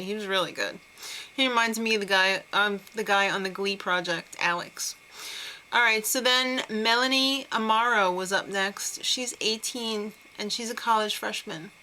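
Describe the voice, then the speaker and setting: A woman's voice: on the high side, bright, forceful tone, rough recording. A young woman recapping a TV talent show in a casual, chatty and sarcastic way. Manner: chatty, sarcastic, giggly asides.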